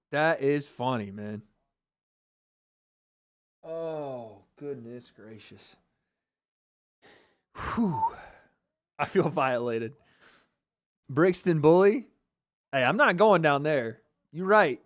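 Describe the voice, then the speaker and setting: A man's voice: a little high, a bit bright. A man hosting a casual livestream watch party, reading chat comments aloud and joking and trash-talking with lots of laughter. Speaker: livestream host.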